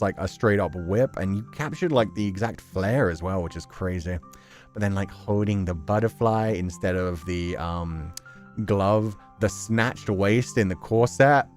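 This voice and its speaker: A man's voice: lowish voice, darkish tone. A man chatting casually on a live stream, reacting to fan art and laughing often.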